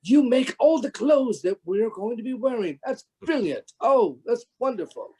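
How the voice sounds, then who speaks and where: Man does a high, eager young boy, delighted and polite, heaping on compliments. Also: sing-song, normal speed, dark tone, slight background noise, low-quality recording. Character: eager, wide-eyed boy actor, gushing politely.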